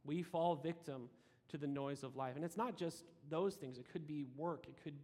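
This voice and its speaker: A man's voice: on the high side, normal speed, a little mellow. A man giving a sermon, reading scripture aloud and adding casual asides, with frequent restarts. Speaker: preacher. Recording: long hall reverb.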